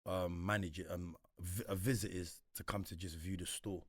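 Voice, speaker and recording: Low-pitched and slightly rough, this guest's voice moves at a moderate pace in a studio-quality recording with no echo. Originally from Congo and speaking with a London accent, the young man recounts life stories in a casual interview, packed with London street slang and acted-out quotes.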